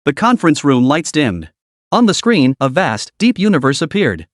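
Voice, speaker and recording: Guy reading a web novel out loud, kinda high voice, dry close mic. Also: normal speed, no room sound. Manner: lively storytelling, brief shifts for quoted characters. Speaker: narrator. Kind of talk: scripted audiobook narration.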